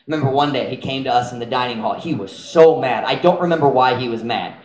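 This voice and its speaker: A man preaching a sermon as pastor, telling a story with animated energy and slipping into Cebuano phrases. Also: on the high side, brisk, hardly any pauses. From United States. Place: church sanctuary. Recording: echoey church with faint hum.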